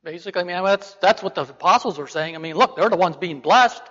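This preacher talks fast in a high, somewhat bright voice, teaching a Bible lesson in a conversational manner and asking his listeners rhetorical questions. The sound is that of a dull, reverberant hall.

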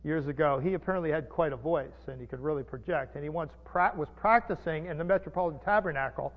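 A pastor preaching a sermon, chatty and animated, with jokes and asides. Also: male voice, fairly high pitch, fast talker. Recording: dull lo-fi sound with long reverb.

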